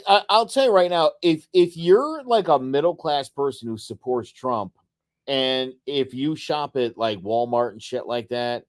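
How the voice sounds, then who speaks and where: A man's voice: medium pitch, animated, measured pace. A middle-aged man co-hosting a podcast, speaking bluntly with a sarcastic edge. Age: 40s to 50s. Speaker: podcast co-host. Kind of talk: casual chat.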